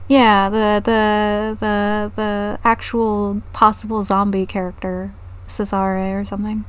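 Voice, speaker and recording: A woman's voice: mid-range voice, monotone, slow, clean tone. A woman streamer chatting casually on a live stream, giggling often and swearing freely.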